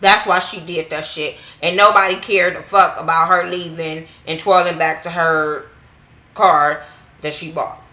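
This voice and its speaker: Young woman vlogger, AAVE speech, blunt and profane, bright forceful tone, casual recap. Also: fairly even intonation, a little slow, roomy sound. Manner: blunt, cussing, acts out quotes with raised pitch. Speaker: YouTube TV reviewer.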